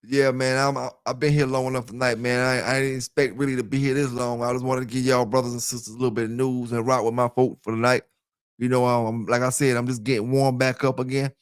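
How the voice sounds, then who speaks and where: A man's voice: medium pitch, flat delivery, fast talker, clean tone, no room sound, clean studio sound. A man hosting a casual livestream on a headset mic, rambling loosely and talking straight to his listeners. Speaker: dog kennel channel host. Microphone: headset with earphones.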